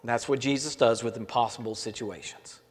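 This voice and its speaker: A male pastor preaching a sermon in a church, in an earnest way, often letting his phrases trail off softly at the ends. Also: medium pitch, moderate pace, husky. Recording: long hall reverb.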